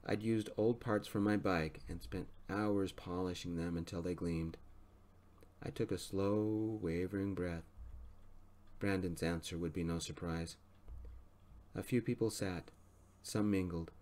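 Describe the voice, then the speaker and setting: A man reading a story aloud in a soft-spoken, gentle manner. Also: sits low, unhurried, pauses often. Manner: gentle, even reading pace.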